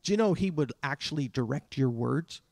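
A man delivering a sermon as a pastor, talking conversationally with dramatic pauses. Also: medium pitch, expressive, gravelly, no room sound, studio quality. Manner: conversational preaching with dramatic pauses and acted quotes.

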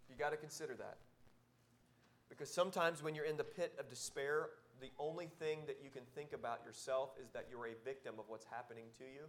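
A man pastor preaching a sermon, exhorting and repeating key phrases, swinging from loud to soft. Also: mid-range voice, a little fast, a little hiss or hum. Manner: repetitive, exhortative preaching with wide swings in loudness.

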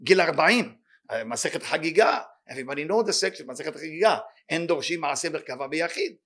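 A man teaching Kabbalah in a weekly study class, talking at a quick clip in a voice set a little high. He races through Hebrew readings, then stops to translate and explain them, and his manner stays animated and eager throughout. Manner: animated, excitable delivery.

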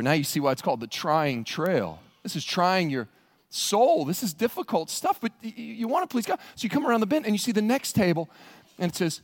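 A male pastor preaching a sermon, telling a story with lively acted-out voices and laughter. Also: high-pitched, a little fast.

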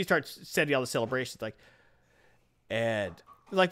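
A man hosting a casual chat, animatedly retelling a comic and acting out its lines. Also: mid-range voice. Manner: animated retelling, acts out dialogue in quick voices. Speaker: podcast host recapping a comic.

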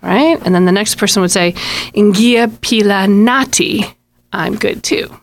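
A middle-aged woman guest on a radio show, telling stories warmly with many pauses and ums. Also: mid-range voice, creaky. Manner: warm storyteller, hesitant with many ums. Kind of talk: casual radio interview.

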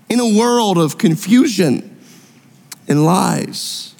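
A male pastor preaching a sermon in a church sanctuary, with earnest, repetitive emphasis and drawn-out key words. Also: high voice, a little mellow. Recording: long reverb in a large hall.

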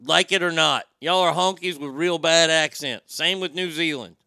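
A man's voice: a little high, moderate pace, pushed and bright, smooth, dry recording, studio quality. A man hosting a talk show, ranting bluntly and profanely, with frequent stammered restarts. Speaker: show host. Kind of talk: opinionated talk show rant.

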